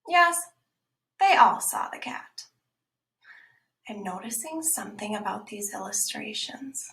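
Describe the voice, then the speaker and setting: A woman teacher reading a picture book aloud for children, slow and emphatic, often dropping into whispers. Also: mid-range voice, expressive, creaky, fairly bright tone. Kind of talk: children's read-aloud lesson. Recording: echoey room.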